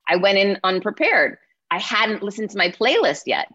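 Upbeat woman in her 40s doing a motivational keynote, mid-pitched, keeps asking "right?", bit muffled audio. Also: normal speed, husky. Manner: energetic, often checks in with "right?". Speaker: keynote speaker. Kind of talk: motivational speech. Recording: slightly muffled lo-fi sound.

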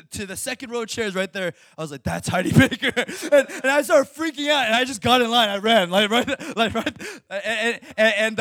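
A young man, a high school pastor, preaching and telling a personal story with lots of laughter and restarts. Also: fairly bright tone, no room sound, clean studio sound. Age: young adult. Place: Chicago suburbs.

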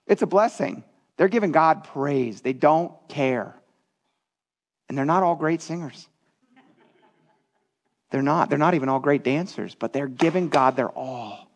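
A man's voice: fairly high pitch, unhurried, pauses often. A man preaching a sermon to his church in an earnest, conversational way, often addressing the crowd as "you guys.". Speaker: pastor.

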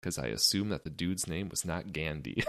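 A man's voice: low-pitched, moderate pace, fairly bright tone. A young man co-hosting a podcast, rambling loosely and cracking crude jokes. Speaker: podcast co-host. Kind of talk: casual chat.

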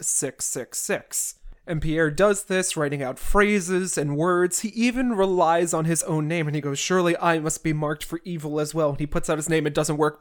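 Podcast host, comedic book recap, sarcastic asides, roast jokes, mid-range pitch.

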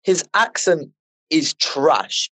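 A man co-hosting a casual film podcast with friends, ranting in slang in an animated way. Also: a little high, drawn-out words, no room sound. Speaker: podcast co-host.

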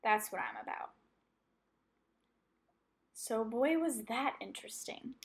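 A woman's voice: fairly high pitch, takes it slowly, vocal fry. Chatty young woman telling a story. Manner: chatty and rambling, with frequent fillers and self-corrections; animated, acting out her own reactions. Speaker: podcast host. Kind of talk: casual solo storytelling.

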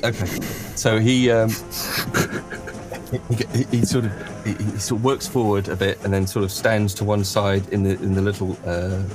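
A man narrating as game master in a tabletop game, halting and full of restarts. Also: sits low. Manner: halting, lots of fillers and restarts.

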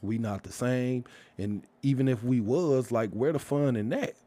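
A man's voice: medium pitch, moderate pace, mellow. A man giving a casual, profane rant as a vlogger, blunt and heated, firing off rhetorical questions.

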